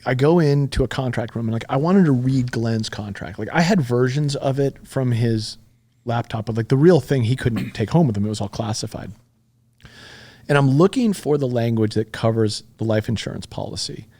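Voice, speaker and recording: A man's voice: mid-range voice, normal speed, dark tone. A man in his fifties, a podcast guest, telling a story in blunt, profane everyday talk. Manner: blunt and profane, retelling events with heat. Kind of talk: conversational storytelling.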